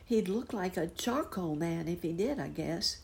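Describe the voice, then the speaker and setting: A woman's voice: fairly low pitch, animated, a little slow, gravelly, voice pushed up. A woman voicing a resigned, unsure young boy in a storybook.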